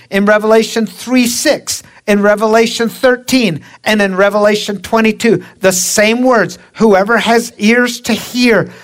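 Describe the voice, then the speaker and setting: A woman preaching a sermon, slow and emphatic, drawing out her phrases. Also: a little high.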